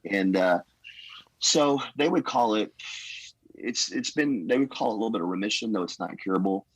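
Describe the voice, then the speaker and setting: A man with a low, husky voice speaks in an earnest, folksy, rambling way. He sounds middle-aged and talks like a pastor sharing his own testimony. The sound is dry and close, with no room echo. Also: moderate pace. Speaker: pastor, podcast guest. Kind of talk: casual conversational storytelling.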